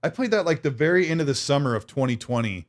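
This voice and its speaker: A man's voice: a little high, lively intonation, quick pace. A man hosting a gaming podcast in casual chat, talking freely and reading out viewer comments. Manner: chatty, reads viewer comments aloud. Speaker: podcast host.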